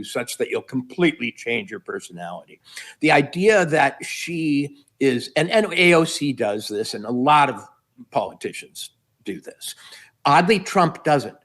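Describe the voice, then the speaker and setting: A man's voice: medium pitch, fairly bright tone. A middle-aged man giving political commentary as a guest, wry and meandering, piling up repeated phrases.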